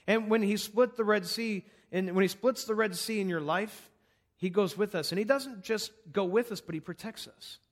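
A man's voice: high-pitched, moderate pace. A man preaching an earnest, conversational sermon, walking through numbered points on a scripture passage. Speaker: pastor.

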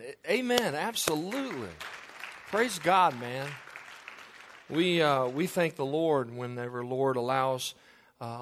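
A man preaching a sermon, telling a lively hunting story and acting out the voices of the people in it. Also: medium pitch. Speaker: pastor.

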